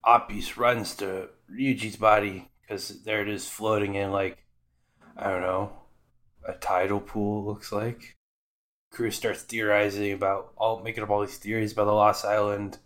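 A man's voice: lowish voice, fairly bright tone. A man hosting a podcast, casually recapping anime episodes with irreverent, profane asides. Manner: irreverent, swears freely, mock voices for characters.

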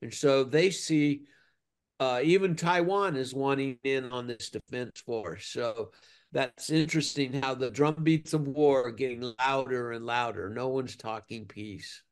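A man's voice: medium pitch, a little slow. A man speaking as a guest in a casual discussion, earnest and building concern as he talks. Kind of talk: casual chat.

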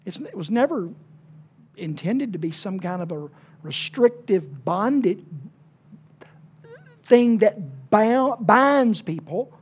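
A woman preacher, giving a sermon with folksy humor and dramatic swings between hushed and loud emphasis. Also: mid-range voice, lively intonation, slow, pauses often, slightly rough. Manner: folksy and humorous, with playful asides.

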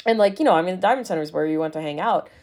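Woman, 30s, from Alaska, low voice, giggly, animated, casual storytelling, podcast guest. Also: very fast. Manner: giggly, animated, frequent laughs and fillers.

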